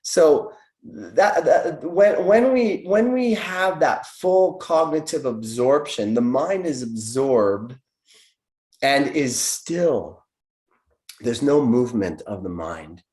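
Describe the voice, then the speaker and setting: A man's voice: medium pitch, lively intonation, slow pace, a little mellow. A man guest speaking as a naturopathic doctor, giving an earnest, searching spiritual explanation. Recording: echoey room.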